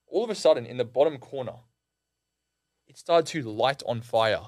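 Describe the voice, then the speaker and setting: A young man, a podcast guest, telling a story in a casual, animated and slangy way, full of "like" and "bro". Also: mid-range voice, normal speed, no echo, clean studio sound. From Australia.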